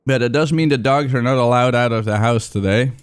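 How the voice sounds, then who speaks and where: A man's voice: mid-range voice, brisk, clear, resonant tone. A young man chatting casually on a livestream, rambling and swearing freely. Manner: excitable, swears a lot, rambling.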